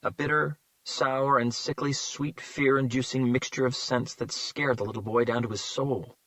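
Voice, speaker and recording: A man reading a crime thriller audiobook in a measured, tense narration. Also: medium pitch, fairly even intonation, a bit bright, no echo, poor audio. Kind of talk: scripted narration.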